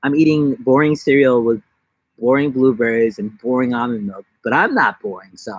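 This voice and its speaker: A young guy from New York hangs out on a casual backyard live stream, rambling and making jokes at a moderate pace, with occasional bursts of silly high-pitched voices.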